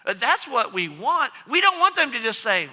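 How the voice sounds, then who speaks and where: A man preaching a sermon as pastor, telling stories in an animated way. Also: very high voice, normal speed. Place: church sanctuary. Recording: long church reverb.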